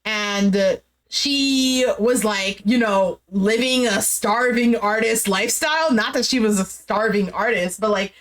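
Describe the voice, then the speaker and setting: A woman's voice: medium pitch, unhurried, hardly any pauses. A woman giving a casual, opinionated recap of a dating show, talking animatedly and filling her speech with "like". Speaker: recap host.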